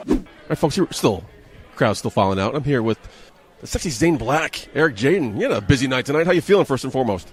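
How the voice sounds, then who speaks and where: A man's voice: mid-range voice, lively intonation, quick pace. A man hosting a wrestling podcast, casually interviewing wrestlers and wrapping up the night with jokes. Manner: casual, joking. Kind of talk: event wrap-up interview.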